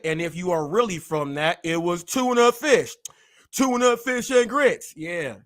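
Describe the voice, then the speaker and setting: Boastful high-voiced man trash-talking. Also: a bit bright. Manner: boastful, trash-talking, rapid-fire wordplay. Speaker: host. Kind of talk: live-stream rant.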